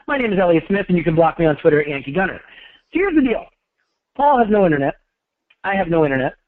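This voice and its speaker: A man's voice: fairly high pitch, no room sound. A man hosting a podcast in a wry, joking manner, calling in on his phone. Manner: wry, joking, self-deprecating. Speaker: podcast host. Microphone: cell phone call-in. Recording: tinny phone line.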